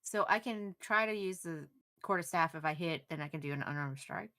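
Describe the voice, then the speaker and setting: A woman's voice: low-pitched, fairly quick, bright, forceful tone. A woman playing in a tabletop game, asking hesitant questions about the rules. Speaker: player.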